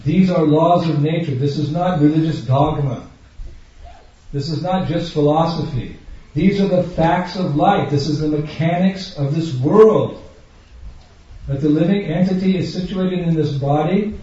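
A man's voice: fairly high pitch, mellow. A man giving a sermon to an audience, emphatic and questioning, acting out little everyday scenes. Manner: acts out everyday scenes in different voices. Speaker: spiritual teacher. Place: large room with an audience. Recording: dull, echoey hall, far from the mic.

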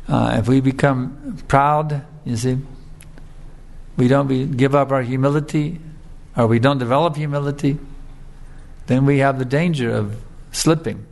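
A man giving a sermon, telling a fable in a relaxed, conversational way with frequent filler tags. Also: medium pitch, unhurried, gravelly. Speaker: preacher. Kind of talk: sermon with storytelling.

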